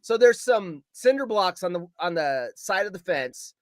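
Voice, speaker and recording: A man with a fairly high, swooping voice tells his story with lots of energy. He shouts his own quoted lines and swears as he acts them out. The sound is dry and close. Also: big pitch swings, unhurried, no room sound. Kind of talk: animated storytelling.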